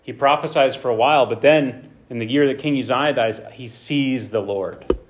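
A man preaching a sermon with passion, swinging between loud bursts and hushed lines and acting out the quotes he tells. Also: medium pitch, normal speed.

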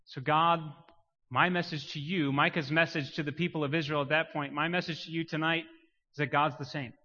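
A man preaching a sermon, swinging from quiet emphasis to loud, rising declarations. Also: a little high, fairly even intonation, brisk. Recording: muffled sound with long hall reverb.

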